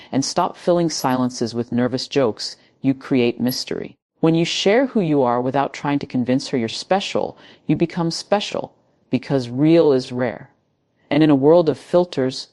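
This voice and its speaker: A woman giving a scripted motivational speech in measured, emphatic short phrases with dramatic pauses. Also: extremely low pitch, mellow. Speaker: motivational speaker.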